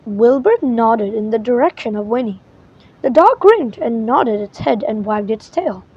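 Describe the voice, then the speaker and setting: A woman reading a children's storybook aloud in an expressive way, with small slips and restarts. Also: a little high, a little slow, slightly rough. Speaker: storybook reader. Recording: muffled lo-fi recording.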